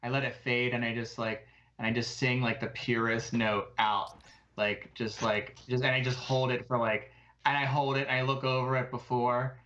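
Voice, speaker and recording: A man playing a tabletop game, describing his character's actions in a halting way. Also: medium pitch, level tone, a bit bright. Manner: halting, searching for words. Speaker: player. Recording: dull lo-fi mic.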